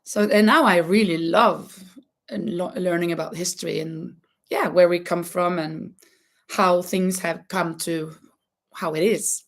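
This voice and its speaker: A woman whose first language is Norwegian, hosting a casual crafting livestream and chatting in a halting way, with many restarts and a lot of laughter. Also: on the low side, fairly even intonation. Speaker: livestream host and schoolteacher. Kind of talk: casual chat while crocheting.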